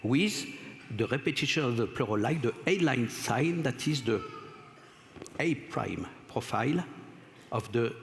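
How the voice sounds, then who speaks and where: A man's voice: medium pitch, animated, creaky, a little hiss or hum. Male lecturer, French accent, hesitant delivery, reverberant hall. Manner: apologetic, halting, with frequent pauses and fillers. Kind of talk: conference lecture. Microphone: stage microphone.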